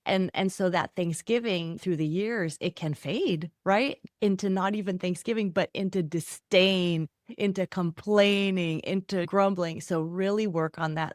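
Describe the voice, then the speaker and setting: A middle-aged woman, a guest author in a podcast interview, talking in an animated way and acting out quoted voices. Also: fairly low pitch, normal speed, no echo, clean studio sound.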